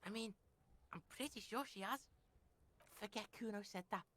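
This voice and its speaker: A woman's voice: mid-range voice, moderate pace, a bit bright, lightly acted. A woman voicing a cocky, foul-mouthed street boy in a video game who talks about himself in the third person. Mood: boastful.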